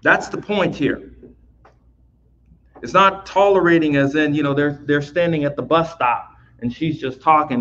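A man explaining scripture in a loose, talky teaching style, repeating words as he goes and tossing in "right?" to check on his listeners. His voice sits a little high for a man. The recording sounds dull and lo-fi. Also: measured pace, fairly bright tone. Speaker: Bible teacher. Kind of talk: recorded Bible lesson.

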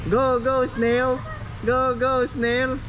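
A man's voice: extremely high pitch, completely flat delivery, drawn-out words. A father filming his child, playfully cheering and coaxing them on in a casual home video. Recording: outdoor noise in background.

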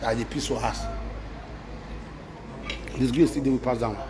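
A man's voice: medium pitch, fairly even intonation, a little slow, a crowd in the background, poor audio. A man with a Nigerian accent in an emotional rant to his wife, repeating himself and mixing in Pidgin exclamations. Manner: repetitive, mixes Pidgin with exclamations.

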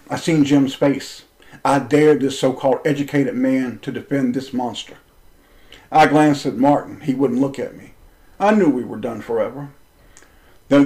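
A man telling a personal story as an impassioned monologue, intense and confrontational, swearing freely and swinging between raised and lowered speech. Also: warm tone, poor audio.

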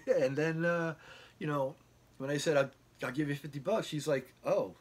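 Husky guy rambling through a story, does all the voices himself, um and uh everywhere. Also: on the high side, normal speed. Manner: rambling, animated retelling with quoted dialogue. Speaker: guitar vlogger. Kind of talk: casual storytelling. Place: home bedroom.

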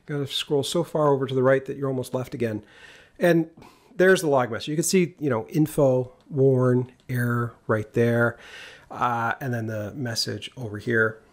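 A man's voice: mid-range voice, steady tone, moderate pace. A man giving a casual, jokey coding tutorial, talking through each step as he types. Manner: casual and jokey, talks while typing code. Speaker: programming instructor. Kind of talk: screen-recorded coding tutorial.

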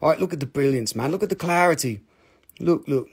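Middle-aged guy selling rocks on a livestream, gravelly voice, kinda high, jokey and rambling. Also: animated, fairly quick. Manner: rambling, jokey, showing pieces up close. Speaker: host of a live crystal shop stream. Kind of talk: joking live sales chat.

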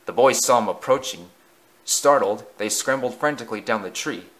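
A man narrating a children's railway story in a lively, expressive reading. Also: medium pitch, normal speed.

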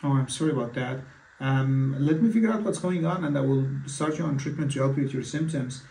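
A man's voice: mid-range voice, a little fast, gravelly, warm tone, a little hiss or hum. A man acting as a physician in a mock patient consultation, talking hesitantly with many fillers and restarts. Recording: echoey room, far from mic.

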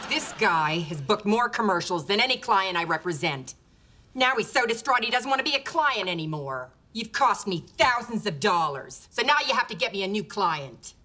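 A greedy, cold-blooded talent agent runs her office on threats. Her voice sits at an everyday middle pitch for a woman, brash and blunt in a sitcom scene. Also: animated, normal speed, bright, forceful tone. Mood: scheming. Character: ruthless greedy female talent agent boss. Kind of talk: sitcom acting.

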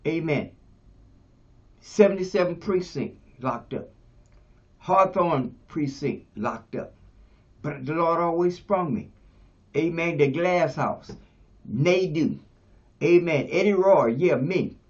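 A man in his seventies preaching a sermon as pastor, shifting between quiet talk and shouts. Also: takes it slowly, pauses often. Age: 70s. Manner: preaching, swings from low to shouting. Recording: dull lo-fi radio sound.

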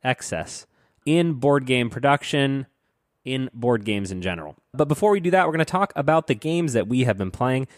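A man's voice: mid-range voice, expressive, normal speed, dry recording, studio quality. Playful man hosting a podcast. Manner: playful, jokey, teasing. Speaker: podcast host. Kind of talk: casual podcast chat.

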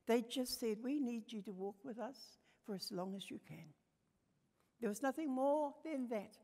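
An older woman with a New Zealand accent, giving a passionate personal storytelling talk at a conference, moving between soft and emphatic. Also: medium pitch. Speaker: conference speaker. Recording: long hall reverb.

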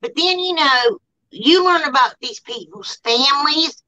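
A woman's voice: high-pitched, lively intonation, measured pace, pushed and bright, poor audio. A woman talking heartfelt and tearful in a casual chat. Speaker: guest YouTuber.

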